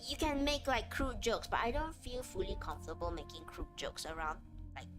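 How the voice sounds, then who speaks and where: A young woman streamer talking straight to her chat in an earnest, animated way, often restarting her sentences and leaning on fillers. Clear game music plays under her voice throughout. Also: mid-range voice, normal speed. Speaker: VTuber streamer. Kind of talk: casual chat on a livestream. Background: background music.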